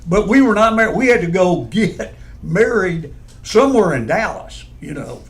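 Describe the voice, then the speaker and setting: A man's voice: high-pitched, very animated, moderate pace. A man telling funny stories in casual chat, laughing through his punchlines. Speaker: radio personality guest.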